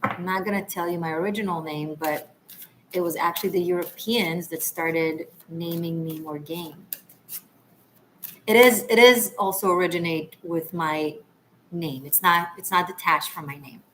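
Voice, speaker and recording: A woman's voice: on the low side, normal speed, a bit bright, slight background noise, rough recording. A woman from Israel hosting a tarot livestream, chatting casually with viewers in a rambling, laughing way. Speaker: tarot reader and livestream host.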